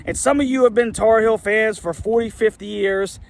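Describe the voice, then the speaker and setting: A middle-aged man rants with a raised, gravelly voice, full of exasperation. He fires off rhetorical questions as an angry sports fan commentator, heated from start to finish. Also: high voice, fairly even intonation, moderate pace.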